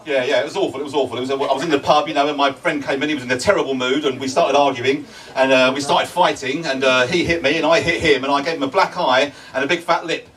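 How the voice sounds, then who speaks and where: A man's voice: mid-range voice, steady tone, quick pace, hardly any pauses, a bit bright, recorded from a distance. An older man doing a stand-up comedy set, chatty, repeating his phrases and checking in with the crowd. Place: comedy club stage before a laughing audience.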